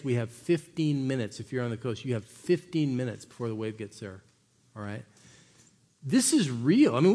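Man, pastor giving a sermon; slightly raised pitch, big reverberant hall, lively storyteller who drops to a hush. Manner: animated storytelling, shifting between loud and hushed.

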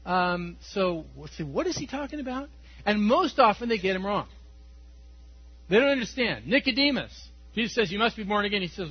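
A man's voice: high-pitched, a little fast, husky. Guy preaching a sermon, laughs a lot, kinda dull lo-fi recording w/ faint hum. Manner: animated, laughs often, swings between loud emphasis and quiet intensity. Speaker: pastor.

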